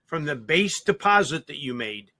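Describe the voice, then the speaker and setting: A co-host on a live webinar who chimes in to add points and reads viewers' questions aloud. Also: female voice, low voice, sing-song, moderate pace, a bit bright.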